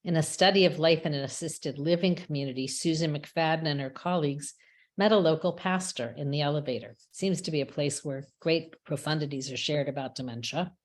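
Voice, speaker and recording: A woman giving a measured, reflective prepared talk as a webinar speaker, with small restarts now and then. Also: low voice. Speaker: rabbi and chaplain speaker. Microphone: webinar microphone.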